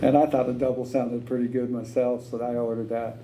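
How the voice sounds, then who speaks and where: A man's voice: medium pitch, flat delivery, brisk, dark tone, a little hiss or hum, low-quality recording. A man speaking at a recovery meeting, telling his own story in a plainspoken, drawling way, with many "uh"s and "you know"s.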